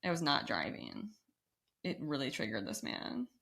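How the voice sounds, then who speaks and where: A young woman co-hosts a casual podcast, her voice sitting low and roughened by a gravelly fry. She tells her stories with an animated, sarcastic edge. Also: moderate pace. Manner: chatty, sarcastic, animated storytelling. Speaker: podcast co-host. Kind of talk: casual chat.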